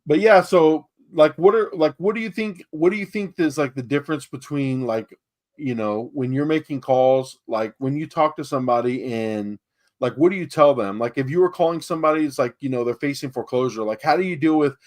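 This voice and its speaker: A man from San Antonio, Texas, with a slightly high voice and a slightly fast pace, rambles through stories about real estate deals on a casual podcast. He acts out the quoted dialogue and uses lots of fillers.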